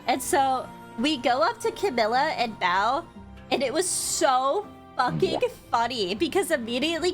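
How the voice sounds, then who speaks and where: A young woman streamer chatting with her viewers about a convention, bubbly and quick to swear, with lots of "like". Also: a little high, fairly bright tone. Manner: bubbly storytelling, swears freely, frequent "like". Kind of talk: casual chat to stream viewers.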